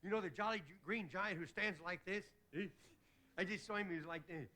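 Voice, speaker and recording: A man delivering a stand-up comedy monologue as host, telling rapid jokes and slipping into quick character voices. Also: sits high, sharp tone. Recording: hissy old 1960s television broadcast.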